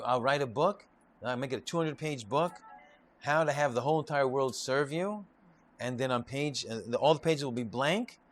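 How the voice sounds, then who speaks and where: A man, a rabbi, giving an informal Torah class, telling stories and repeating and restarting his phrases. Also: medium pitch. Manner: repetitive, restarts often, lively storytelling.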